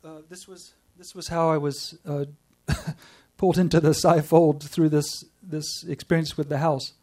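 Man, earnest testimony speaker, mellow tone, distant mic. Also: on the high side, level tone. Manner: earnest storytelling with pauses and restarts. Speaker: speaker sharing a personal spiritual story. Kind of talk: personal testimony to a group.

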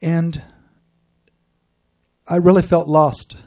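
A man giving an earnest personal testimony to a group, telling his story with pauses and restarts. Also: a little high, level tone, darkish tone, distant mic. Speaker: speaker sharing a personal spiritual story.

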